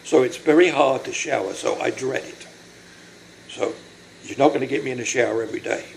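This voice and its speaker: Halting, emotional older man with gravelly voice. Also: mid-range voice, slight background noise, rough recording. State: breathless from lung illness. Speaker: vlogger. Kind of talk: personal video diary.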